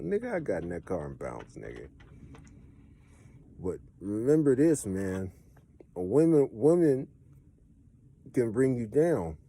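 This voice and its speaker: A man with a Los Angeles accent telling a street story in a profane, streetwise way, swinging between animated bursts and low, muttered asides. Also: unhurried, creaky, long pauses, breathy edge. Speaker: storyteller giving advice. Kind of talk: casual storytelling monologue.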